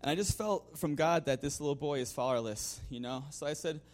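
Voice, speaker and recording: A man's voice: a little high, brisk. A man giving a spoken testimony to his congregation in a loose, conversational way, full of "you know" fillers, restarts and the odd chuckle. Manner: chuckles now and then. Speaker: church member giving a mission-trip testimony.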